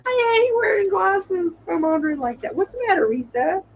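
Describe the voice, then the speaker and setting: A woman's voice: extremely high pitch, big pitch swings, moderate pace, highs cut off, a little hiss or hum. A woman hosting her own livestream, talking in a rambling, chatty way with frequent laughs and exclamations. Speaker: channel host. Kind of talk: casual livestream commentary.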